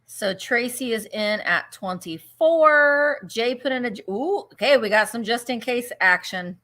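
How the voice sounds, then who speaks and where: A woman's voice: a little high, lively intonation, unhurried, sharp tone. A woman co-hosting a live vintage sale, making casual, friendly asides from off camera. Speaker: co-host.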